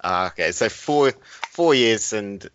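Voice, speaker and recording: A man's voice: fairly low pitch, animated, unhurried, fairly bright tone, a little hiss or hum. A man co-hosting a casual podcast chat, steering topics and laughing often. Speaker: podcast co-host. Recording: dull lo-fi sound.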